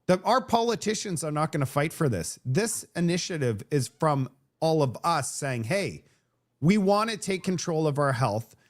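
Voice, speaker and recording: A man's voice: a little high, very animated, normal speed, few pauses. A man from Canada whose first language is French, hosting a live stream in casual chat, rambling with many restarts and fillers. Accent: Vancouver French-Canadian. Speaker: host of a live show.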